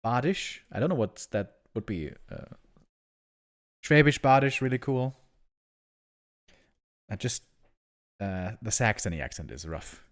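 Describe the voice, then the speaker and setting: A fairly low voice, a little slow and marked by long pauses, belongs to this German caster of a live strategy game stream. His chat with viewers is lively, teasing banter punctuated by abrupt loud bursts.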